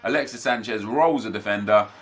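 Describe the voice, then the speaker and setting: A man's voice: lowish voice, a little fast. A young man giving casual, chatty commentary over his own football video game matches for viewers. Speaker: gaming YouTuber.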